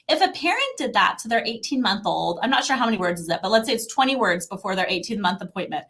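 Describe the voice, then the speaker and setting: A woman with a voice pitched a touch high talks in a casual, animated way. She slips into playful voices when she acts out parents and babies. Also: a little fast. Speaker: language learning guest. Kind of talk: casual conversational advice.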